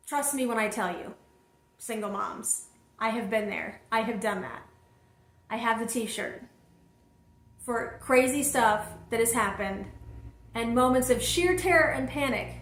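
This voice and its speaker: Animated woman storyteller, high voice, roomy sound. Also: unhurried, pauses often. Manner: animated storyteller who speaks straight to her listeners. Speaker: vlog host and single mother. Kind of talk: personal storytelling to camera.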